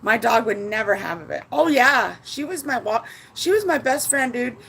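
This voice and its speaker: A woman's voice: fairly high pitch, expressive, moderate pace, gravelly, a bit bright, a little hiss or hum, poor audio. A woman vlogging from home in a rambling, emotional way, swearing freely and close to tears. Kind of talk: casual chat to viewers. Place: at home indoors.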